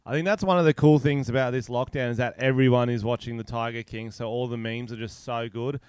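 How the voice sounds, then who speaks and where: Man, comedy podcast co-host, smooth clear voice, crude jokester, dry close sound over a video call. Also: mid-range voice, fairly even intonation, fairly quick, darkish tone, no echo. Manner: crude, joking, playful trash talk. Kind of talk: casual comedy chat.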